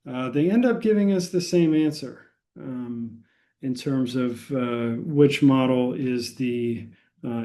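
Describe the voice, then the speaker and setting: An American man teaching a statistics lecture, explaining unhurriedly with many pauses and filler words. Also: on the high side, dark tone. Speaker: statistics instructor.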